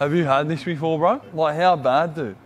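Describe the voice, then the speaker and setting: A man's voice: fairly high pitch, fairly even intonation, normal speed, a little hiss or hum. A young man in his twenties with an Australian accent, vlogging in a brash, joking way and swearing freely. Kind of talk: casual vlog.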